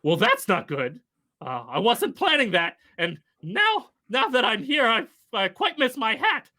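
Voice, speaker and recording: Fussy pompous male wizard, proper rhyming speech, bright voice, man putting him on, tabletop game. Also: very high-pitched, very animated, measured pace, pitched above the performer's own voice, full character voice. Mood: rueful.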